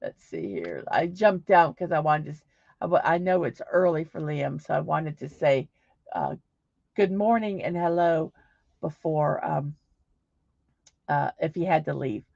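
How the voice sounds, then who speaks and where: A woman's voice: low-pitched, expressive, measured pace, creaky, dry recording. Woman rambling on her morning stream, dry lo-fi mic. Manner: rambling, warm thanks, frequent restarts. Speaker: livestream host. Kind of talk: casual livestream chat, reading chat aloud. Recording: dry, slightly dull livestream audio.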